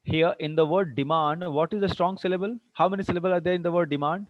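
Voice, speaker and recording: A man with an Indian English accent teaches a lesson and keeps asking his students questions. His voice sits a little high. The recording is dry and somewhat muffled, like a close mic with a narrow range. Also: quick pace, no room sound. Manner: questioning, repeats himself, mixes in Hindi phrases. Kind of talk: online classroom lecture.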